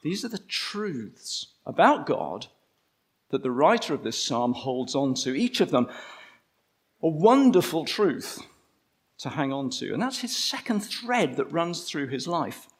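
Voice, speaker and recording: A man preaching a conversational sermon, slowing down to stress key phrases. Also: fairly high pitch, big pitch swings, slightly rough.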